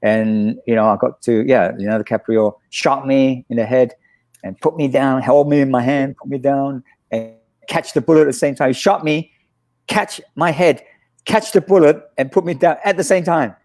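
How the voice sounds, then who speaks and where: A man's voice: mid-range voice, moderate pace. A man, a stunt coordinator guest, telling stories in a casual interview and acting out what people said. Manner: animated, acts out quotes.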